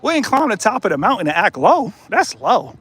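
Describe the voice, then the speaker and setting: A man streaming live from a mountain path, talking casually into his phone. His voice sits high for a man. He jokes, teases and riffs with his viewers in an easy, playful flow. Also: very animated, brisk, a bit bright, breathy edge, no room sound. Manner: joking, playful, riffs with chat and laughs often. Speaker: livestream host. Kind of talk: casual livestream chat while walking. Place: outdoors on a mountain trail, then a tunnel.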